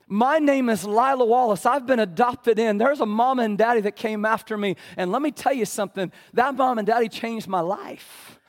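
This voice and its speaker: Male pastor, high voice, dynamic sermon delivery with congregation call-outs. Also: a little fast, hardly any pauses. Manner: preaching with big swings from loud pleading to hushed; calls for "amen" from the congregation.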